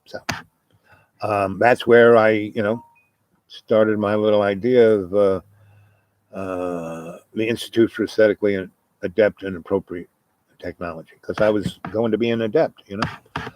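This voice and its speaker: A man's voice: fairly low pitch, fairly even intonation, a little slow, long pauses, darkish tone, dry recording. A man telling a long, rambling personal story, full of asides and trailing fillers. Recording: noisy background hiss.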